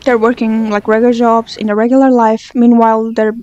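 A young woman hosting a reaction video, talking back at the screen, excitable and swearing freely. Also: on the high side, brisk, smooth, dry recording, muffled recording. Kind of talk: casual reaction commentary.

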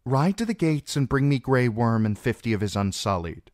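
A man's voice: medium pitch, animated, moderate pace, darkish tone, no echo, studio quality, pitched above the performer's own voice, natural voice. A man voicing a young queen who speaks with bitter, resolute command in an audiobook reading. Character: young grieving queen, woman, proud and commanding.

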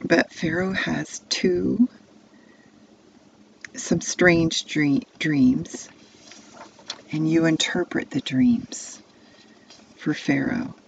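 Woman slowly telling a children's Bible story. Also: low voice, steady tone, vocal fry, a little hiss or hum, rough recording. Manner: second-person immersive storytelling.

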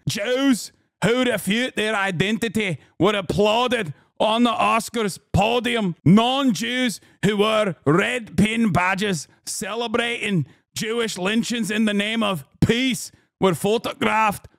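Guy doing a high-pitched mock scottish lady, all outraged and over the top. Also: vocal fry, fairly bright tone, no room sound, clean studio sound, exaggerated voice. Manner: exaggerated, dramatic mocking delivery. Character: indignant Scottish woman commentator, mock impression.

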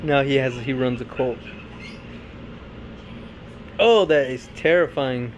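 A man's voice: mid-range voice, slow, muffled recording, slight background noise. A man giving rambling, profane, joking commentary on a film while carving pumpkins at home. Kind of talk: casual chat.

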